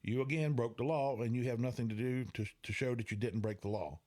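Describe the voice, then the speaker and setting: A man explains election law to viewers. He talks emphatically, slows down to stress key words and restarts his sentences often. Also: medium pitch, a little mellow.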